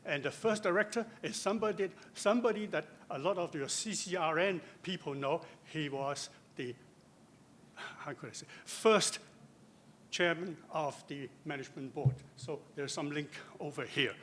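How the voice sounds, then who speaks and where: A man's voice: fairly high pitch, moderate pace, fairly bright tone, slight background noise. An older man giving a conference lecture, chatty and joking, with lots of asides. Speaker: guest lecturer. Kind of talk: conference talk.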